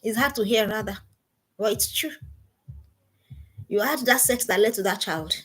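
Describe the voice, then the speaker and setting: A woman's voice: medium pitch, moderate pace, a bit bright, slightly rough. A middle-aged woman, a parenting coach, gives an emphatic seminar talk and repeats her key points as commands.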